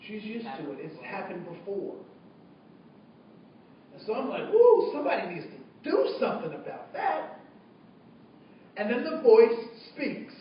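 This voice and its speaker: A man telling an animated story to an audience, acting out voices and dialogue. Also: high voice, normal speed. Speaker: diversity trainer telling a story. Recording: distant, dull, very echoey room recording with faint noise.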